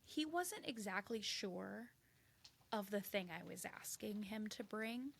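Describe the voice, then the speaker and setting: A woman's voice: medium pitch, lively intonation, slow, gravelly, a little hiss or hum. A woman in her thirties co-hosting a podcast, chatting casually and acting out quoted voices with animation. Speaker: podcast co-host. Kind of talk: casual chat.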